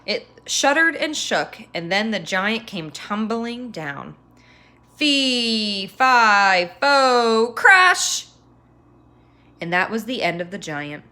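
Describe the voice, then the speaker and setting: Expressive woman reading a children's story. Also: medium pitch, a little slow, few pauses. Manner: expressive, sound effects. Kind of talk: children's story read-aloud.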